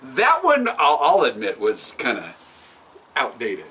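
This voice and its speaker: A man's voice: medium pitch, wildly swooping pitch, slow, far from the mic, noisy background. A man co-hosting a casual chat over drinks, teasing and laughing often. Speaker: podcast co-host.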